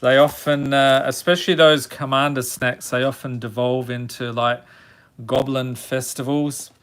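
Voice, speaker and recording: With a Chicago accent, this streamer opens card packs, reciting the card names in a steady list before turning to casual chat with viewers. He has a clear, resonant, mid-range voice and talks a little slowly.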